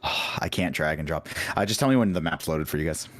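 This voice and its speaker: A man's voice: a bass voice, lively intonation, a little fast, fairly bright tone. A man running a tabletop game as dungeon master, narrating loosely with lots of fillers over an online voice call.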